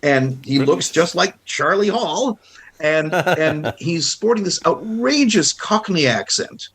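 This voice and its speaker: A man's voice: a little high, a little slow, husky. A man in his sixties from the United States, a guest film historian telling anecdotes in casual chat and acting out quotes. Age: 60s. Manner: animated storyteller who acts out quotes.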